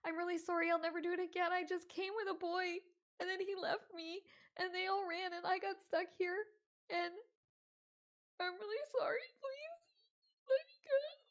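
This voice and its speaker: A woman voicing a frightened teenage girl who begs and cries, high and breathless. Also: monotone, brisk, gravelly, hardly any pauses. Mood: pleading. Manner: high, breathless, tearful begging.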